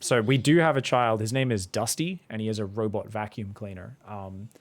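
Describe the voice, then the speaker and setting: A man's voice: lowish voice, fairly even intonation, moderate pace. A man, casually commentating a strategy game and chatting with viewers in a rambling, laid-back way. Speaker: StarCraft coach and streamer.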